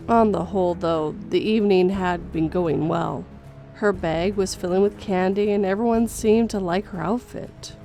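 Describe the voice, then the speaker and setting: A woman reading a first-person horror story in a steady storytelling voice, going gentle for a mother's lines. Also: medium pitch, creaky. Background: faint music.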